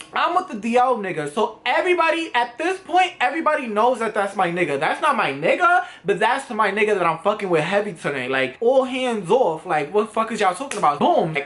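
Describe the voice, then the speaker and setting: A man's voice: extremely high pitch, a bit bright. A young man in his twenties telling a dramatic, profane story to camera, acting out the other people in it. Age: 20s. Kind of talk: casual storytime. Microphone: camera vlog setup.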